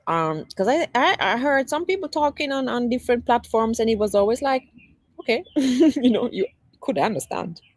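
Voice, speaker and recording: A woman with a slightly high voice hosts a casual livestream, chatting loosely and answering viewer comments as they come in. She rambles and restarts her sentences often. The sound is close and dry. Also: expressive, fairly quick, no echo. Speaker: livestream host.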